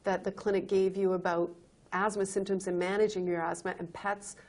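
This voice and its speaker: A woman's voice: mid-range voice, flat delivery, a little fast, darkish tone, close to an everyday voice. A woman playing a clinic counselor in a training video, insistently lecturing a patient about his health. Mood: pressing.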